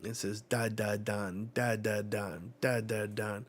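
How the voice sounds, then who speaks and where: A man hosting a live manga reaction, reading the panels aloud and reacting with excited swearing. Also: lowish voice, takes it slowly.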